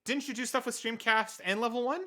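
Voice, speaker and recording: Podcast co-host, young man, fast and bright, casual chat. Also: very high-pitched. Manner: fast, animated, talks over his co-host.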